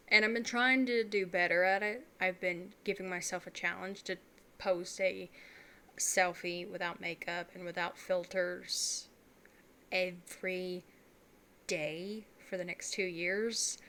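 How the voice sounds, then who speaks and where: Bright-voiced woman in casual chat. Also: mid-range voice, slight background noise. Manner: rambling, candid, self-deprecating, laughs often. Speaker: vlogger.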